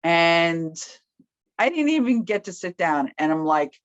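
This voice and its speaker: Storytelling woman, loud and animated, pitch jumping around, dry muffled sound. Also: measured pace, dry recording. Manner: loud, animated, acts out quoted voices. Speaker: guest telling a personal story. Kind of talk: casual storytelling.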